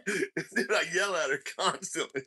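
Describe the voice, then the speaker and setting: A man's voice: on the high side, slight background noise. Crude laughing man telling stories. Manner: crude, laughing, mock-yelling anecdotes. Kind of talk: casual podcast banter.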